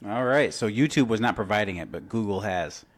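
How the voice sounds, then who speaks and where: A man's voice: fairly low pitch, animated, fairly quick, dry recording. A man co-hosting a podcast in casual chat, needling his co-host with teasing banter.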